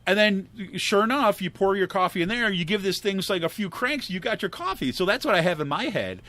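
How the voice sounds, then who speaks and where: Animated, laughing male podcast co-host. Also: high voice, a little fast, no echo. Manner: animated storyteller, laughs often, acts out his own lines. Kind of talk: casual chat.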